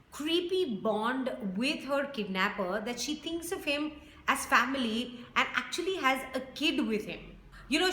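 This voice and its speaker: A woman's voice: sits high, pushed and bright. A woman reviewing a TV series in a casual, enthusiastic, chatty video review. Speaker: TV reviewer vlogger. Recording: echoey room with faint noise.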